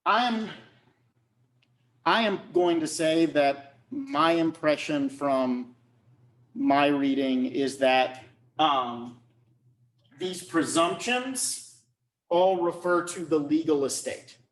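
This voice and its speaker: A man's voice: on the high side, slow pace, pauses often, reverberant. A man lecturing on law, explaining step by step and often checking whether students follow. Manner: checks understanding often, repeats phrases.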